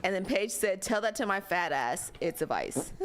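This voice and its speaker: Giggly woman with a northern accent, lively pitch. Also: normal speed. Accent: American Northern. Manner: giggly, reads chat comments aloud. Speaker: podcast co-host. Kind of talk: casual game-night chat.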